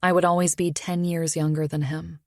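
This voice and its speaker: Low-voiced woman narrating a romance. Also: flat delivery, normal speed, darkish tone, no echo, studio quality. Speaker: audiobook narrator. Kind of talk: first-person romance narration.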